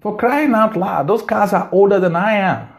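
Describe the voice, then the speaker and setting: Speaking from his house, a middle-aged vlogger with a Nigerian accent addresses his viewers in a casual monologue to camera. His gravelly voice sits high and moves at a moderate pace, and he rambles emphatically, often repeating his words.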